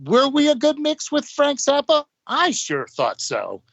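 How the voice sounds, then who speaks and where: A man's voice: very high voice, huge pitch swings, measured pace, vocal fry, a bit bright, no echo. An older man, a guest musician, telling casual stories and acting out what others said. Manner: rambling, acts out quotes of others. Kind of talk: casual anecdotal storytelling. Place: podcast studio. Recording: dull, dry studio audio.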